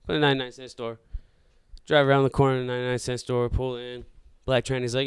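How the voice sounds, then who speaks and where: A man hosting a podcast, casually telling a story in a loose, profane, animated way full of acted-out dialogue. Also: medium pitch, fast talker, smooth, no echo, clean studio sound. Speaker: podcast host.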